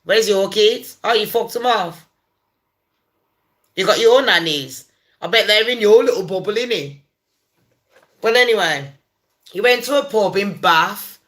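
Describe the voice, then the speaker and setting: Woman, swearing gossip vlogger, rambling heated rant, bright edgy voice. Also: mid-range voice, measured pace, long pauses. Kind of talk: ranting commentary vlog.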